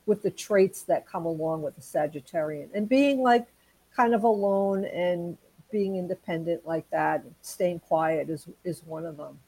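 A woman's voice: lowish voice, measured pace, a little mellow, breathy edge, no echo, rough recording. A woman co-hosting a casual chat show, telling light stories in a chatty, giggly way. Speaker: podcast co-host.

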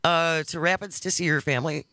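A man's voice: on the high side, steady tone, brisk, pushed and bright, dry recording, studio quality. A man hosting a radio talk show, chatting casually and friendly, with restarts along the way. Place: radio studio. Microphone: studio microphone.

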